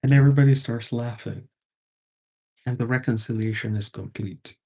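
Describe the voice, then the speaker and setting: Woman host with a mellow voice, lively storyteller who acts out the dialogue. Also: a bass voice, moderate pace, husky. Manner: animated, acts out quoted exchanges. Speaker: advice host. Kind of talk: storytelling talk.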